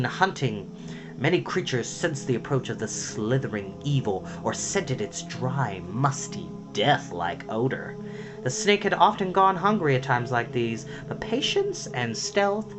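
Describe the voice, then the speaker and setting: A man narrates a storybook in a dramatic, expressive way. His pitch moves a great deal as he reads. Gentle music plays behind him. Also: unhurried. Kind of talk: storybook read-aloud.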